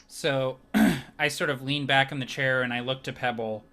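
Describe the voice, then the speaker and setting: A man playing a tabletop game, describing his character's actions in a deliberate way. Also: medium pitch, fairly even intonation, bright, forceful tone. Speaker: player.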